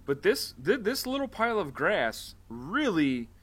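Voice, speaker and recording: A man's voice: sits high, big pitch swings, measured pace, slightly rough. A man co-hosting a casual movie-review chat, recapping the plot in a rambling way with fillers and the odd swear. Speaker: podcast co-host.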